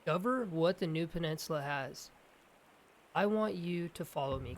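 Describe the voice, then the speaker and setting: Young male gaming host, excitable let's-play chatter, slightly higher voice, faint background ambience. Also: normal speed, slight background noise. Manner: excitable, talks to his game companion. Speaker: gaming YouTuber.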